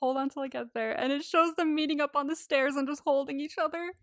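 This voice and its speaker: A woman's voice: sits high, fast, dry recording, studio quality. A woman co-hosting a podcast, chatting casually and animatedly, laughing often and acting out lines as she recaps. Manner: animated and giggly, acting out quotes; swears freely. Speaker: podcast co-host. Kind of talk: casual chat recapping a movie.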